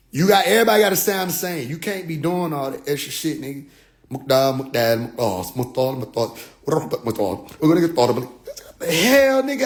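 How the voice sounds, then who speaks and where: A man with a notably high voice tells a story as a comedic rant. He is animated and profane, and his delivery is loose and full of slang. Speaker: vlogger.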